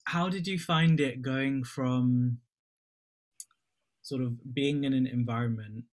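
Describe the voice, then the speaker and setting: Interviewer: man, mid-pitched, winding questions full of fillers. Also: takes it slowly.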